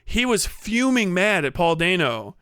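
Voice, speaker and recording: A man holding forth on his livestream in a profane, rambling comic rant, cracking himself up as he goes. His voice sits high and bright. The mic is close, and the sound is dry. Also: big pitch swings, unhurried, clean tone, dry recording. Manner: rambling, crude, laughs often, does impressions.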